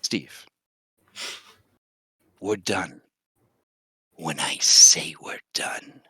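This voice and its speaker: A man voicing a powerful, cruel witch with a low, slow, half-whispered delivery. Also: bright, forceful tone, husky, no room sound, studio quality, heavily acted. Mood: menacing.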